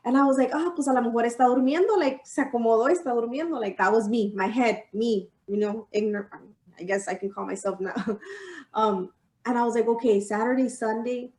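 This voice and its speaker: A woman's voice: on the high side, fairly quick, darkish tone. Woman recorded from a distance. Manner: heartfelt, mixes English and Spanish, many fillers. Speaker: podcast co-host. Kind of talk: personal storytelling in casual chat. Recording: roomy sound, mic at a distance.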